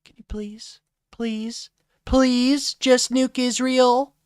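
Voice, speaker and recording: A woman voicing a sly male shoulder devil in a whispered role-play, pleading and coaxing in a high, breathy whisper. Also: little pitch movement, very slow, darkish tone, a little hiss or hum.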